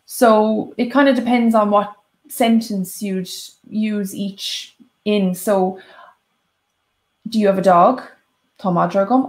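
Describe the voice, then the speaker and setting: A woman's voice: medium pitch, darkish tone. A woman co-hosting a live-stream language Q&A, patiently explaining grammar step by step with examples. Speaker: co-host and Irish language teacher. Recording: echoey room.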